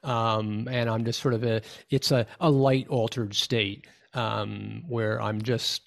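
A man's voice: on the low side, flat delivery, takes it slowly, vocal fry. Reflective man, hesitant and thoughtful. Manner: reflective, hesitant, thinking aloud. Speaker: spiritual medium, guest. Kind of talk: conversational interview.

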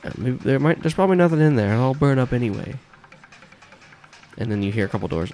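A man's voice: mid-range voice, animated, quick pace, a little mellow, soft background music. A man narrating a tabletop game as game master, casual and chatty with lots of fillers and laughter.

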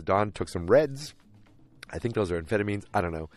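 Rambling low-voiced man recapping an episode. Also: expressive, brisk. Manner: rambling, many fillers and restarts.

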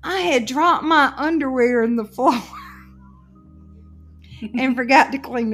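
A woman telling a story in casual chat, exasperated and animated. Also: sits high, takes it slowly, pauses often.

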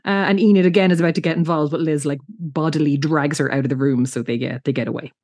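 A woman's voice: low-pitched, steady tone, fast, darkish tone, no room sound, clean studio sound. A woman co-hosting a podcast who gushes and giggles while retelling scenes and acting out lines. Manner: giggly, gushing, acts out character lines. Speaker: podcast co-host. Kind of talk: casual recap chat.

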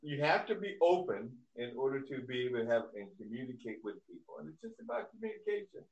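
A man's voice: mid-range voice, big pitch swings, fast, muffled recording, slight background noise. A man co-hosting a podcast, laid-back, dropping short encouraging replies and easy quips. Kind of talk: casual podcast chat.

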